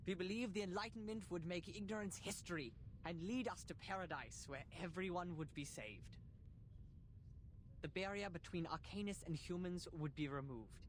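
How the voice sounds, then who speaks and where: A pompous, declamatory game character, played by a man giving a showy eulogy. His voice sits a bit high for a man, theatrical and grand, with a faint rumble underneath. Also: normal speed, close to an everyday voice. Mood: grandiose. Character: grandiose male mourner giving a florid eulogy. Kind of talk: game voice acting.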